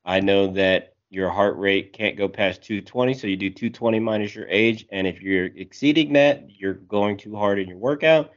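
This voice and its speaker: A man's voice: on the low side, normal speed, few pauses. A man co-hosting a podcast, talking in a dry, matter-of-fact and sarcastic way. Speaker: podcast co-host. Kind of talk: casual chat. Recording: dull lo-fi sound.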